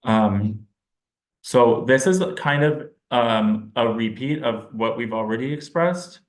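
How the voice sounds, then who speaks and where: A man's voice: mid-range voice, slow. A man, a speech-language pathologist, giving an informal, explanatory presentation to parents and thinking aloud as he goes. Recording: roomy echo.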